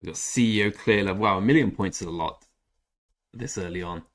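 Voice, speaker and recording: This livestream chat comes from a young British man playing a game, his low voice brisk and a bit bright. He talks casually to viewers by name, sharing blunt opinions with mild swearing.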